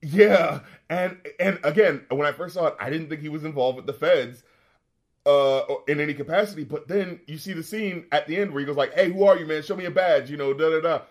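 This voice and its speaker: A man's voice: a little high, fairly quick. A man in casual, profanity-laced conversation, retelling movie scenes with laughter as a co-host. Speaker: podcast co-host. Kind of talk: casual movie review chat.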